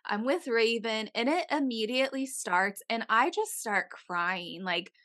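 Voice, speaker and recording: A woman's voice: on the high side, lively intonation, measured pace, fairly bright tone. A young woman co-hosting a podcast, chatting casually and telling a long story full of "like" and swearing. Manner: chatty, swears freely, tells stories with lots of "like". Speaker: podcast co-host. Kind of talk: casual chat.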